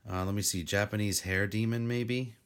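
A man co-hosting a podcast, chatting casually and chiming in with a relaxed manner. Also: on the low side, normal speed, smooth. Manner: relaxed, laid-back, chiming in. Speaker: podcast co-host. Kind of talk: casual chat about an anime.

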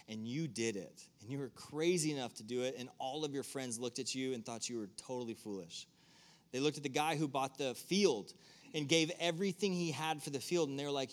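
Speaking at a moderate pace with a medium pitch, a man gives a sermon to listeners gathered in a church room. His tone is casual, and he often turns to the audience with direct questions.

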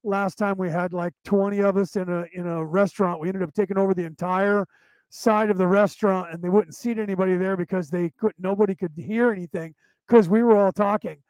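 A man with a notably high voice, hosting his own show and spinning loose, rambling anecdotes. He talks in a chatty, casual way, restarting sentences as thoughts come to him. The sound is dry and close, with no room around it. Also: fairly even intonation, brisk, a little mellow, no room sound, rough recording. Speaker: show host.

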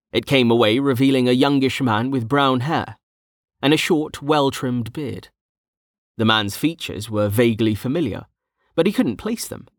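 A man narrating a fantasy story in a steady, scripted storytelling manner. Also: mid-range voice, no room sound, studio quality. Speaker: audiobook narrator.

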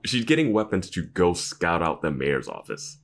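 A man with a very deep voice that still swings widely in pitch, chatting in an amused, easy way. He keeps jumping in with his own comments on the episode. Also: sing-song, moderate pace, vocal fry, fairly bright tone, a little hiss or hum. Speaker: podcast co-host. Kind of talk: casual TV recap chat.

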